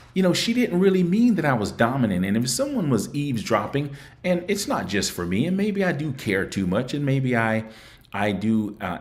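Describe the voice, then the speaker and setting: A man hosting a call-in show, talking in a chatty, reflective way and often repeating words. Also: mid-range voice. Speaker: show host. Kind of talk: casual call-in show talk.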